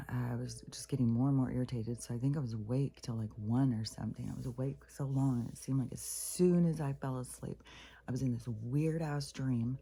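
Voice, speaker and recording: A woman's voice: very deep voice, dark tone, breathy edge. A woman, the regular host of a spiritual vlog, talking in a loose, rambling way, venting with lots of swearing and sometimes dropping to a whisper. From Pacific Northwest of the US. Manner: profane, irritated venting, trailing into whispers. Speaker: spiritual vlogger. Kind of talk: rambling casual monologue.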